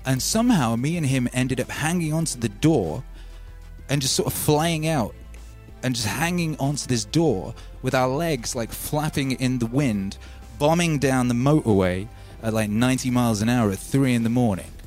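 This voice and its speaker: A man's voice: mid-range voice, moderate pace, a little mellow. A man with a British accent hosting a music stream, telling stories in a rambling, casual way full of "you know". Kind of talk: casual storytelling.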